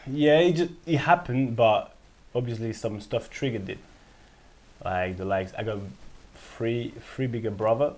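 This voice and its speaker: A man's voice: mid-range voice, a little slow, slight background noise. French man telling stories animatedly. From France. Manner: animated, acts out quoted voices, laughs often. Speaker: guest, former footballer. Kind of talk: casual storytelling interview.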